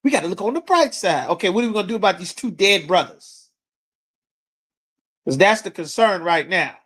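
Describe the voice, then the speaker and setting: A man teaching scripture to a class in a blunt, forceful preaching manner with coarse language. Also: high-pitched, animated, fairly quick. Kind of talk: street-corner scripture teaching.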